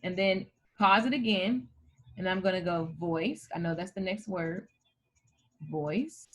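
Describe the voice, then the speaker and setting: A woman host, teaching viewers in an energetic live video tutorial. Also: fairly low pitch, a little slow. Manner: energetic, hyped, addresses viewers as "you guys". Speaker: host and coach.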